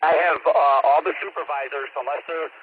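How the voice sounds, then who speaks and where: A man's voice: a little high, fairly even intonation, a little fast. A man working as a police officer, giving clipped orders and reports from the field over the radio. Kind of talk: radio traffic. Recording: tinny police radio with loud static.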